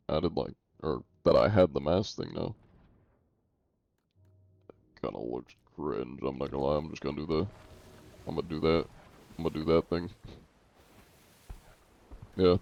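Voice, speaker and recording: A man's voice: sits low, gravelly, mellow, no room sound. A man chatting casually on a live game stream, in a laid-back, joking way, reacting to chat, heard through dull lo-fi audio.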